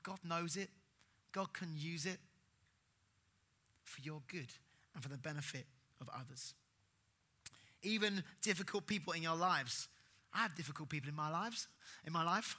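A man preaching a sermon earnestly, rising in emphasis and then dropping soft. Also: fairly high pitch.

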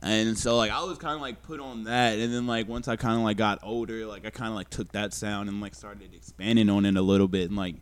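A man's voice: lowish voice, steady tone, brisk, few pauses, clean tone, no echo. Laid-back young man telling stories. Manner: laid-back, slangy, laughing through stories. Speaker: podcast guest. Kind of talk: casual chat, storytelling.

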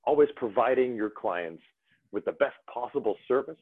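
A man talking casually as a podcast guest, animated and rambling with restarts. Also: mid-range voice, moderate pace, slightly rough, no room sound. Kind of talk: casual conversation. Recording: dry, phone-like narrow sound.

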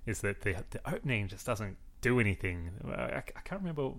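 A man's voice: fairly low pitch, very animated, fairly quick, fairly bright tone. A man co-hosting a book podcast, enthusiastic and playful with small stammers. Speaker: podcast co-host. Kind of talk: casual book discussion.

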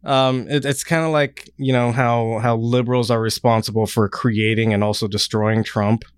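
A man's voice: medium pitch, fairly even intonation, normal speed, smooth, no echo. A man hosting a podcast in casual chat, rambling and swearing freely as he talks. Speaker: podcast host.

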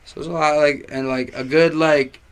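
A young man with a slightly high voice tells a story as a guest on a casual podcast. He is animated and foul-mouthed, and his delivery jumps around and is full of fillers. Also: moderate pace, smooth.

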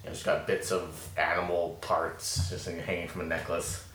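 A man narrating a tabletop game as game master, halting and restarting as he goes. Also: low-pitched, completely flat delivery, fairly bright tone. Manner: halting, with many fillers and restarts. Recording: roomy echo with faint hiss.

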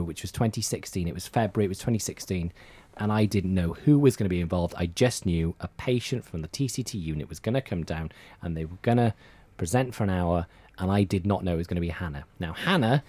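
A deep-voiced man talks casually in a radio studio interview. He rambles and doubles back on his words as he tells stories. The sound is close and dry. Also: fairly quick, a little mellow, no room sound. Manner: chatty, rambling with many repeated words. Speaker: hospital radio presenter.

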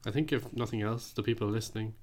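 A man with a low, deep voice co-hosts a casual podcast chat while under the weather. He talks in a relaxed, self-deprecating way and often laughs at himself. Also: quick pace, slight background noise. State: sick. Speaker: podcast co-host.

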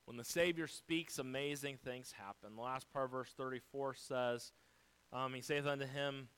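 A U.S. pastor with a smooth, mid-range voice speaks at a moderate pace and a steady tone, taking his congregation through numbered sermon points and talking straight to them. His preaching surges loud and then softens, though the audio quality is poor.

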